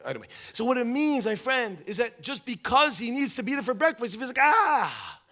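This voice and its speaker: A man's voice: extremely high pitch, expressive, quick pace, fairly bright tone. A man from New York giving a comedic motivational talk, telling stories with jokes and acted-out quotes. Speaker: speaker.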